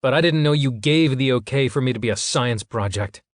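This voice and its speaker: A man's voice: medium pitch, brisk, no echo, clean studio sound, pitched above the performer's own voice, lightly acted. A man reading an audiobook, voicing a bitter, sarcastic young psychic who speaks in a biting way.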